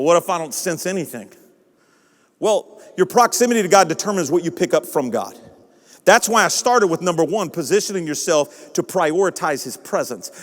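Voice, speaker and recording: A male pastor preaching a sermon in a church, impassioned and building up to shouts. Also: fairly high pitch, big-room sound. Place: church sanctuary.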